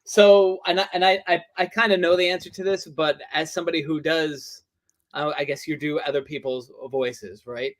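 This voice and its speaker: Conversational male host with a slightly high voice. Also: fairly even intonation, normal speed. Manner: conversational, rambling questions. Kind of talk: casual interview chat.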